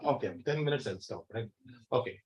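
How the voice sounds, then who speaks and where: A man's voice: medium pitch, fairly quick, low-quality recording. Guy lecturing at a college seminar, emphatic, keeps repeating words for effect. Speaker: guest lecturer. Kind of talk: academic lecture.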